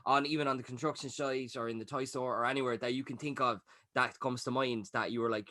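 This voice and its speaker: A man in his thirties hosting a podcast, chatting in a quick, joking, rambling way. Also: medium pitch, steady tone, sharp tone. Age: 30s. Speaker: podcast host. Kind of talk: casual podcast chat.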